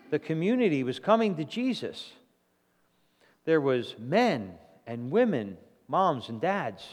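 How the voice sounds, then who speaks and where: His voice slightly high and moving widely in pitch, a male pastor gives an animated sermon in a church. He frequently begins phrases over as his point takes shape, and a long reverb carries his words through the sanctuary.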